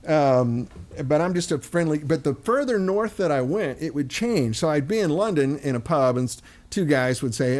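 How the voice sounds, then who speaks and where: A man's voice: a little high, lively intonation, moderate pace, few pauses, darkish tone. A man from Missouri with an American accent, a chatty host who tells stories and acts out other people's voices. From Missouri, United States. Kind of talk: casual chat.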